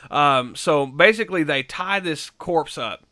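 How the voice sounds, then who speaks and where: A man's voice: on the high side, lively intonation, measured pace, sharp tone, dry recording, clean studio sound. A man giving a casual film review, rambling through the plot with lots of fillers and swearing. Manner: loose rambling retelling full of fillers and swearing.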